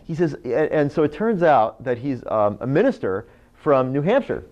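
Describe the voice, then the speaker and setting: In a meeting room, a man with a mid-range voice and normal pace tells stories to a speakers' group as a live talk. He hosts an internet radio show and narrates with animation, leaning on "you know" and "right?"; the audio is dull and lo-fi.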